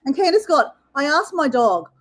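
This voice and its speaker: Painting as she goes, this Australian live stream host keeps up a chatty, animated, filler-heavy conversation. She has a high voice and talks at a normal speed.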